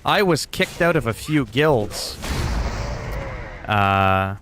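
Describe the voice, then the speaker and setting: A blunt French-Canadian gamer in his 40s, whose first language is French, chats casually on his livestream. His mid-range voice is expressive and extremely slow, and his humor is profane and joking. The background is noisy.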